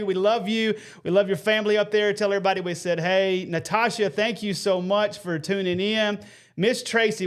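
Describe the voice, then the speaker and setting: A man, hosting a live faith stream with earnest, folksy talk and shout-outs to viewers. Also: sits high.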